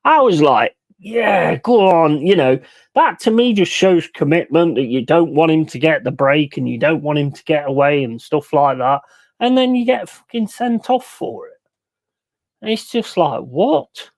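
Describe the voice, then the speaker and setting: A man's voice: on the high side, lively intonation, normal speed, no room sound. Sweary man ranting on stream. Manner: sweary, ranting, swings between loud outbursts and mumbling asides. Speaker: streamer hosting a football watch-along. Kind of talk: casual live-stream chat.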